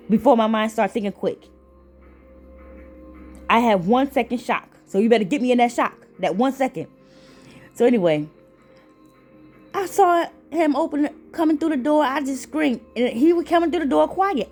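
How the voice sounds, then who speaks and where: Woman talking from bed into her phone, casual storytelling, cusses a lot, soft music faint in the back. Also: a little high, normal speed, long pauses. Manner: chatty, swears freely, animated retelling. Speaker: vlogger. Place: lying in bed at home.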